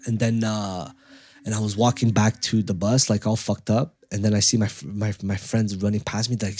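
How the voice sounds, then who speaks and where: A man's voice: fairly low pitch, level tone, fairly quick, darkish tone, dry recording. A man from Montreal telling a rambling, profane story on a podcast. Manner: rambling, profane, with filler words. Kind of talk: casual storytelling chat.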